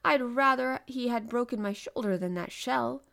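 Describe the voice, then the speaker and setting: A woman voicing an excitable, loyal male manservant who exclaims loudly in a raised voice in a storybook reading. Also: fairly high pitch, normal speed, vocal fry, pitched above the performer's own voice. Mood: alarmed.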